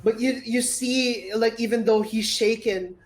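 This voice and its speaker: A woman narrating a tabletop game as game master, unhurried with frequent fillers. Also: fairly high pitch, fairly even intonation.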